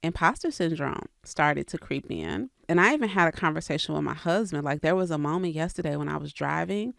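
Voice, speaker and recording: Lady podcast host, low voice, earnest and open, talking right to her listeners, dry close mic. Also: expressive, a little fast, vocal fry, a bit bright, no room sound. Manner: earnest, candid and faith-filled, talking straight to listeners. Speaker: real estate coach and podcast host. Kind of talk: casual podcast monologue.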